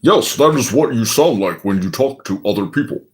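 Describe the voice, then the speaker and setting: A man's voice: lowish voice, animated, normal speed, rough recording. A man hosting a casual livestream, teasing and theatrical. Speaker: livestream host.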